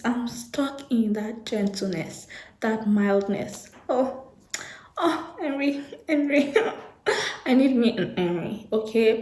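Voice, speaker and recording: A young woman chatting casually to camera about books, gushing and animated, repeating herself and laughing often. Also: fairly high pitch. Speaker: book vlogger. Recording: echoey room.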